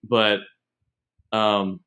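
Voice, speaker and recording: A young man with a slightly low-pitched voice chatting on a podcast. He rambles from one story to the next in a relaxed, digressive way. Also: very slow. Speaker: podcast host. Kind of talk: casual chat.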